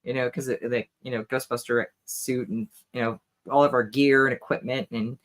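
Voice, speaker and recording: A man co-hosting a podcast, speaking in casual chat, relaxed and chuckling, with many "you know"s. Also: mid-range voice, normal speed. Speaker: podcast co-host.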